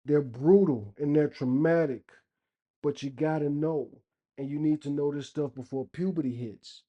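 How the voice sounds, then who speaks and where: A man's voice: fairly high pitch, moderate pace, lo-fi sound. A middle-aged man telling stories to camera in an earnest, emphatic way, drawing out his phrases. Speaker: vlogger. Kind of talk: casual storytelling monologue.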